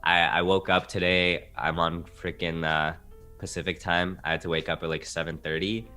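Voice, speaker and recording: A man's voice: sits low, flat delivery, normal speed, pushed and bright, faint music behind. A young man appearing as a guest on a casual podcast, talking in a loose, rambling, slangy way. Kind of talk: casual chat.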